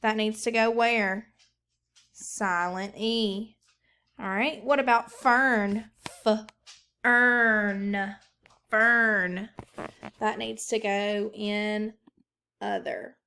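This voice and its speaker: A woman's voice: mid-range voice, fairly even intonation, slow, gravelly, bright, forceful tone, clear, resonant tone. A young woman teaching a recorded phonics lesson to children, sounding out syllables patiently.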